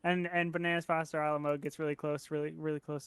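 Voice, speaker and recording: A man's voice: fairly high pitch, level tone, fast talker, few pauses, clean tone. A man playing a tabletop game, playful and scheming in character. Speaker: player.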